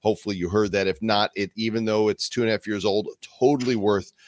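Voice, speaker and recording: A man's voice: fairly low pitch, fairly even intonation, fast talker, no room sound. A man hosting a podcast, chatting with showy, hype-driven delivery and big swings in his voice. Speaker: podcast host. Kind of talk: energetic podcast chat.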